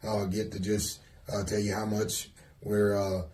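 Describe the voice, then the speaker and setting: A man with a Southern US accent, from the Mississippi coast, talking as a pastor in a casual interview, relaxed and hesitant with many fillers. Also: lowish voice, unhurried, slight background noise. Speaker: pastor, guest.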